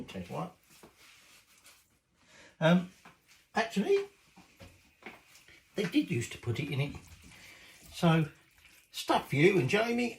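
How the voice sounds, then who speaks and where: A man's voice: on the high side, slight background noise, low-quality recording. A man chatting cheekily while cooking in his home kitchen, swearing casually as he goes. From Britain.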